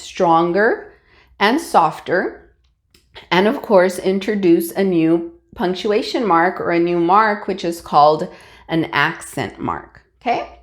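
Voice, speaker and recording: A woman teacher giving a recorded lesson to young students, explaining patiently with fillers and frequent check-ins. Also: mid-range voice.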